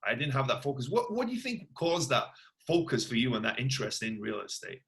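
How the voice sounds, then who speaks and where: A man's voice: medium pitch, lively intonation, a little fast, creaky, a bit bright. A middle-aged man hosting a podcast, chatting casually and enthusiastically, often repeating his praise. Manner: enthusiastic, repeats "that's awesome". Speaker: podcast host. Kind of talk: casual interview chat.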